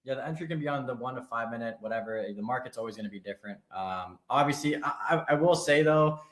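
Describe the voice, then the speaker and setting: A man teaching a live online trading lesson, explaining quickly and casually with fillers. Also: medium pitch, a bit bright. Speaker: trading instructor.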